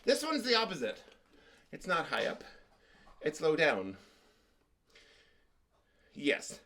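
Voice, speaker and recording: A man's voice: on the high side, huge pitch swings, slow, noisy background. A man teaching a children's music class over a video call, singing action songs and joking playfully with the kids. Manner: playful, sings and chants action songs with jokes for small children.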